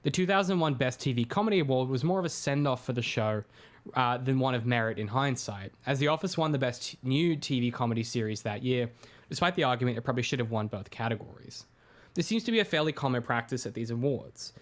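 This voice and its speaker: A man reading a critical analysis aloud in a steady voice, breaking off now and then for relaxed, chatty asides with plenty of "uh"s. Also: medium pitch, quick pace. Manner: reads steadily, drops into chatty asides with filler "uh"s. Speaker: co-host reading his own book aloud. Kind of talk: casual read-through with asides.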